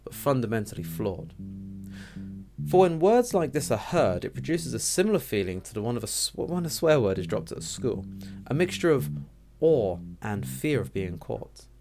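A man narrating a scripted video essay in a measured, rhetorical manner, posing questions. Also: medium pitch, very animated, vocal fry. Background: plucked guitar music.

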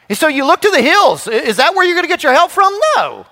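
A middle-aged man preaching a sermon as pastor, telling a family story with lively acted voices. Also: very high-pitched, fast, few pauses. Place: church sanctuary. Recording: long church hall reverb.

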